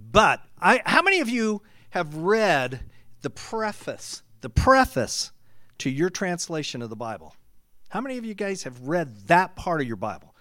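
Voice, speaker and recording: A man preaches a sermon in a high, bright voice. He explains things to his congregation in an easy, conversational way, then builds up to a fervent, shouted climax. The sound is dry and close. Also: dry recording.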